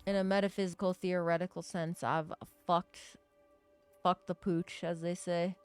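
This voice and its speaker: A woman's voice: lowish voice, level tone, moderate pace, clear, resonant tone, soft background music. A young woman streaming a game, chatting casually and jokingly to herself and her chat, swearing freely. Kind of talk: live gaming stream chatter.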